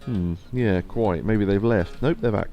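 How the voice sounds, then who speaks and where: A man's voice: lowish voice, a little slow, muffled recording, soft background music. A man streaming a video game, chatting casually and laughing often as he tells stories. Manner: chatty, laughs often, reads game lines aloud in a put-on accent. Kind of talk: casual live-stream chat and storytelling.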